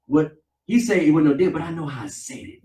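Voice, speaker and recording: A man, a pastor preaching a sermon with call and response. He swings between loud, emphatic lines and softer ones. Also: a little high, fast talker. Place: church sanctuary. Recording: echoey church, mic at a distance.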